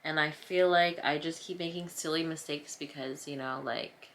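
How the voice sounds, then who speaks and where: A woman in her thirties from New Jersey paints and chats casually with her audience, rambling and joking at her own expense with playful drama. Her voice sits low and steady at a moderate pace with a fairly bright tone, and her camera mic picks up slight background noise.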